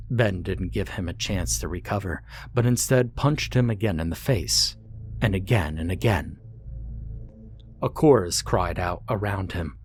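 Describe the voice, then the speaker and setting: A man narrating a horror story in a measured, deliberate scripted reading. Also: low voice, lively intonation, darkish tone, a little hiss or hum.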